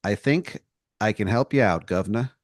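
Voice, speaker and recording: A man's voice: on the low side, normal speed, no echo, studio quality, close to an everyday voice. Man doing a shady fake-English recruiter. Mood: oily. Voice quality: overdone, wobbly English accent. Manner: chummy, salesy, calls the listener governor and mate.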